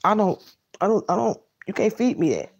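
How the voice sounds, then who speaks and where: A woman's voice: medium pitch, lively intonation, a little fast, a little mellow, breathy edge. A woman, bluntly lecturing her viewers in a motivational rant and repeating lines for emphasis. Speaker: vlogger.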